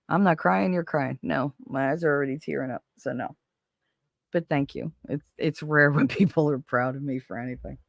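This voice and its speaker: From her computer at home, a woman hosts a casual livestream, talking candidly and emotionally with live viewers, rambling and swearing now and then. Her voice is extremely low with vocal fry, captured in clean studio sound with no echo.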